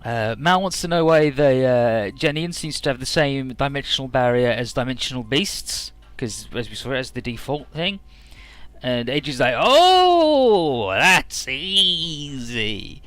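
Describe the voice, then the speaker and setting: A man's voice: medium pitch, moderate pace, dry recording, faint music behind. A man hosting a let's play, casually retelling game dialogue in a rambling, offhand way.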